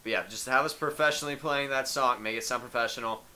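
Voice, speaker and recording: A man's voice: medium pitch, quick pace, pushed and bright. A young man co-hosting a casual podcast chat, crude and joking, laughing often. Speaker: podcast co-host.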